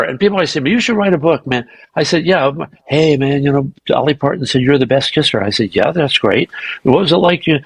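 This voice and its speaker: Gravelly, husky man telling stories. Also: a little high, brisk, no room sound, low-quality recording. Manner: animated anecdotes, acting out quoted dialogue; profane and self-mocking. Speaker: podcast guest. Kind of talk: casual storytelling interview.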